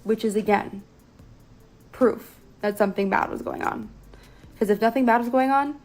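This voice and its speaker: Profane, animated young woman storyteller. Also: a little high, moderate pace, faint music behind, rough recording. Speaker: guest. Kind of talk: casual storytelling.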